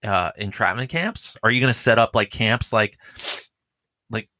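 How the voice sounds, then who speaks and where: Profane, rambling police officer, low voice. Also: male voice, normal speed, sharp tone, dry recording. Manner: rambling, profane, heavy use of filler "like". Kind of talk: casual podcast chat.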